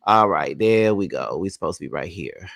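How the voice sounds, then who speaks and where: A man hosting a casual livestream, sleepy and relaxed, talking straight to his viewers. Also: sits low, normal speed, gravelly, no room sound, clean studio sound. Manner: relaxed, chatty, addresses viewers directly. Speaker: livestream host. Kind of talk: casual reaction-stream chat. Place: at home by his bed.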